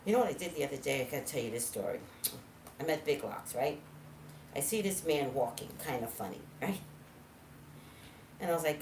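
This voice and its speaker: A woman telling a story in casual monologue, animated, swinging from low asides to loud outbursts. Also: brisk, gravelly, long pauses, far from the mic, a little hiss or hum. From California. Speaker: psychic vlogger. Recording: echoey room, voice from off-mic.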